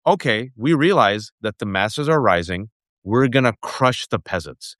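A man's voice: lowish voice, expressive, unhurried, fairly bright tone, no echo. Man ranting sarcastically in a dry room. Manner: sarcastic, mocking voices of opponents. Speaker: political commentator guest. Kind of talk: heated political rant.

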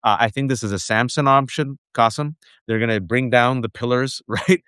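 A man's voice: mid-range voice, normal speed, a bit bright, smooth, dry recording, studio quality. A man giving a heated, sarcastic political rant on a talk show, mocking his opponents' voices as he goes. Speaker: political commentator guest.

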